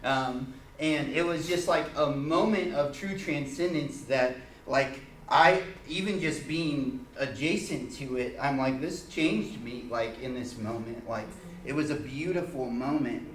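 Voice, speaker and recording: A man leading an informal church teaching, telling a personal story in an earnest, halting way with many restarts. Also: mid-range voice, a bit bright. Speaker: church group leader. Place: church meeting room. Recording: echoey room, mic far off, faint hiss.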